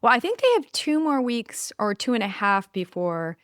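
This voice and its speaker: A woman's voice: on the high side, moderate pace, clean tone, no echo, studio quality. A middle-aged woman hosting a podcast, chatting casually and animatedly, laughing easily. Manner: animated, laughing, acts out quotes. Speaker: podcast host. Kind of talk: casual chat.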